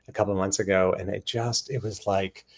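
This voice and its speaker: A man speaking as a panel guest in a casual discussion, earnest and animated, slipping quick quoted asides into his stories. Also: sits low. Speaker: panel guest on voting and redistricting.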